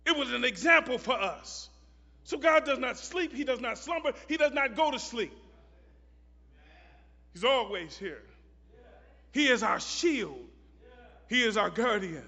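A man preaching a sermon who repeats phrases for emphasis and builds up to shouted, chanted lines. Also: very high-pitched, expressive, unhurried, pauses often. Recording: muffled recording in a reverberant hall.

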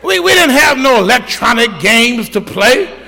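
A man's voice: very high-pitched, very animated, measured pace, vocal fry, pushed and bright, long reverb tail, some chatter behind. An older man, a pastor, preaching a sermon in church, telling stories from his own life and punctuating them with amens. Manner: storytelling with call-outs of amen, folksy. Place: church sanctuary.

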